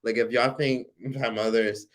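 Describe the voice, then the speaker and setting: A man in his forties hosting a casual livestream, telling a personal story with animated, profane delivery and reading viewer comments aloud. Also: medium pitch, a little slow. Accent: American. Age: 40s. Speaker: livestream host.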